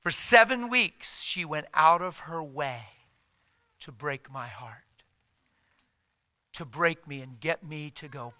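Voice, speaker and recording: A middle-aged man preaching with a very bright, ringing voice and a slightly raised pitch. He tells his story animatedly, jumping between loud bursts and near-whispers. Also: takes it slowly, pauses often. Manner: animated, swings from loud to hushed, acts out quotes. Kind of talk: sermon storytelling.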